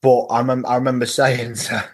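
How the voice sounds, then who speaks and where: A man's voice: medium pitch, little pitch movement, normal speed, husky. A man in casual podcast chat, telling funny stories as a football-fan guest and laughing at his own tales. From England.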